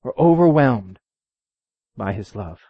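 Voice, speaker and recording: A man preaching a sermon, telling a story and reading scripture, his voice swinging from loud and high to low and quiet. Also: expressive, slow pace, slightly rough, dry recording. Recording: dull, dry lo-fi recording.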